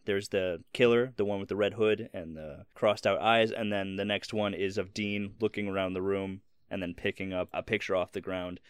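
Smooth-voiced male game master. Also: deep voice, fairly even intonation, normal speed, hardly any pauses, no echo, clean studio sound. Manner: plain, matter-of-fact narration. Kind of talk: narrating a tabletop game.

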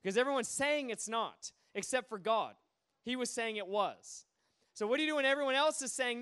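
A man preaching a sermon, telling stories with lively energy and acting out the voices of the people in them. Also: very high-pitched, brisk, clean tone. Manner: animated, acts out quoted voices. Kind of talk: sermon storytelling.

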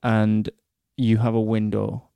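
A man with a Northern English accent, a podcast co-host explaining something in halting, repeated bits of casual chat. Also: on the low side, flat delivery, creaky, mellow, clear, resonant tone, dry recording.

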